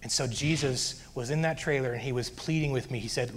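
A man earnestly sharing a personal faith testimony, growing animated as he recounts his frustration. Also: mid-range voice, fairly quick.

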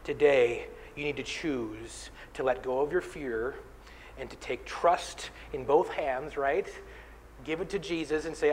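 This is a man pastor preaching to his congregation with earnest, direct appeals. His voice sits at an ordinary middle pitch, and a faint hum runs behind it. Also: unhurried, low-quality recording. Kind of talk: sermon.

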